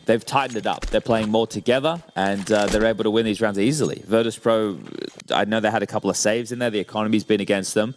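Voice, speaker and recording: A man's voice: fairly low pitch, fairly even intonation, fast talker, a little hiss or hum. A man giving analytical color commentary on an esports match. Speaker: esports caster.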